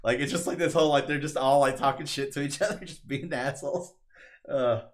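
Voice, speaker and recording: A man's voice: medium pitch, brisk. A man chatting casually about a game story, enthusiastic and swearing freely. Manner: enthusiastic, profane, acts out quotes loudly. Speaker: co-host explaining the story. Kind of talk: casual chat.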